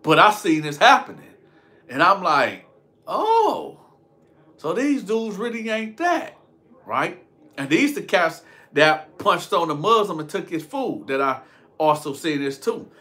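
A young man spins a loose, slang-heavy storytime monologue, straying into side stories and chuckling at his own tales. His voice sits a bit high and sounds bright and forceful. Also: expressive, measured pace. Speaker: storytelling vlogger.

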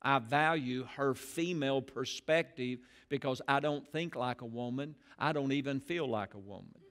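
A man preaching a sermon as pastor in a church, animated and rising loud on key phrases. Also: mid-range voice, moderate pace. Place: church sanctuary.

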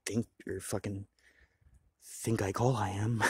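Low-voiced, rambling, profane man. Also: flat delivery, slow pace, husky. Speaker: vlogger. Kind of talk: rambling casual monologue.

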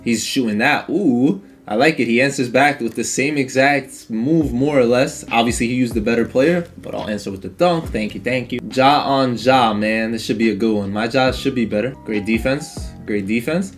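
A man giving casual live commentary on his own game, speaking in slang and talking to his opponent. He drops into low mutters, then jumps into loud, high yelling. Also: moderate pace, few pauses, faint music behind. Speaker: gaming streamer.

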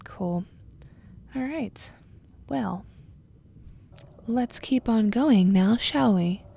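Young woman, let's-play host; unhurried, wry, gravelly voice. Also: medium pitch, dark tone. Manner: chatty, wry, drops to a murmur. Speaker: gameplay video host. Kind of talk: casual let's-play commentary.

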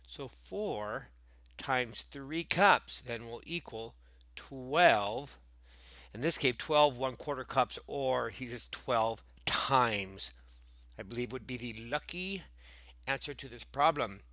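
Bright, playful man teaching math. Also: mid-range voice, no echo. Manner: goofy, jokey, breaks into silly voices and asides. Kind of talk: playful math review lesson.

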